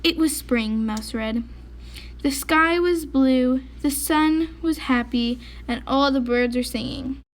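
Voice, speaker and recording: Woman reading a children's picture book aloud, high-pitched voice, gentle and unhurried. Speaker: storybook reader.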